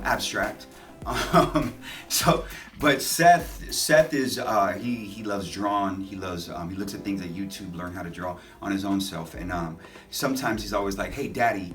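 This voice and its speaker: A man, a dad of three, giving a relaxed, chatty daily devotional with lots of fillers and animated storytelling. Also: sits low, recorded from a distance. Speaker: lay preacher giving a daily Lenten reflection. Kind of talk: casual spoken devotional. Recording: voice a bit off-mic with light music behind.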